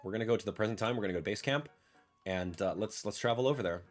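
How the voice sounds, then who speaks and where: Chatty low-voiced man playing a game. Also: racing. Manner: chatty and playful, with cheerful asides. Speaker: gaming video host. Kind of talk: casual let's-play commentary. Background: faint game music.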